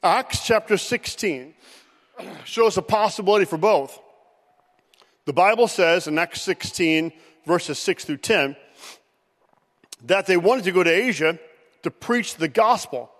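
A man preaching a sermon in an animated way, now and then acting out Bible figures' voices. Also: high voice. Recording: long hall reverb.

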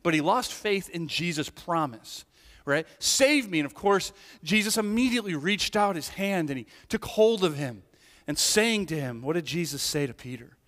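Fervent pastor with a ringing hall echo. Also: male voice, a little high, moderate pace. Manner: animated, swings from hushed to emphatic, frequent restarts and "right?". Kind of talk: sermon. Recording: hall reverb.

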